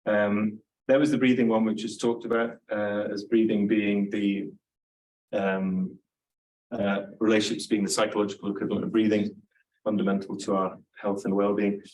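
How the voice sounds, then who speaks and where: A man's voice: fairly low pitch, level tone, normal speed, a little mellow, far from the mic, slight background noise, poor audio. A man giving an academic talk to an audience, informal and self-deprecating, with frequent fillers and restarts. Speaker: lecturer.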